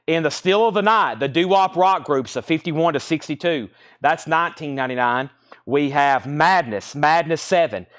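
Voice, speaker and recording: A man hosting a live record sale, rattling off titles and prices in brisk auctioneer patter, a bit out of breath. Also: on the high side, a bit bright.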